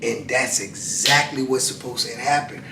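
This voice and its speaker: A man in his fifties telling a story casually, drawn-out and animated, often dropping "man" and "you know.". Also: mid-range voice, far from the mic. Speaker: channel host telling prison stories. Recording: echoey room, voice away from the mic, faint background noise.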